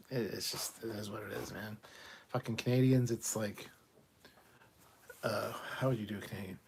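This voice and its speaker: A man's voice: fairly low pitch, steady tone, moderate pace, long pauses, darkish tone, a little hiss or hum. A man hosting a casual live stream, reading viewer questions aloud and answering them bluntly, with plenty of swearing and muttered asides.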